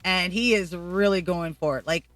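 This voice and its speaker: A woman's voice: on the low side, moderate pace, fairly bright tone, no room sound, soft background music. A middle-aged woman from Colombia, vlogging blunt, profane opinions in casual commentary. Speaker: YouTube vlogger.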